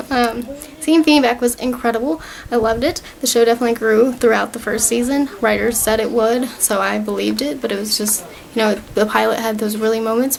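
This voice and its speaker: Young woman, high with vocal fry, chatty home vlog review, faint background hum. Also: low-quality recording. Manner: chatty and rambling, many fillers and retold dialogue. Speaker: vlogger reviewing a TV season. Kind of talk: casual recap talk to camera.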